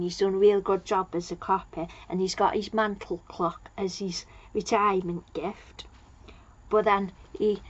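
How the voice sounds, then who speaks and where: A woman at a middle pitch talks through a TV episode in a loose, chatty recap, stopping to find her place and padding with fillers. The audio sounds a little dull and lo-fi. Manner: rambling, loses her place, many fillers. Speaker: TV episode reviewer.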